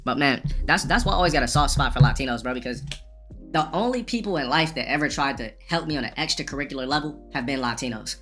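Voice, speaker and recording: Fast-talking, profane male streamer. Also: medium pitch, animated, pushed and bright, soft background music. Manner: rambling, profane, restarts often. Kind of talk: casual storytelling rant.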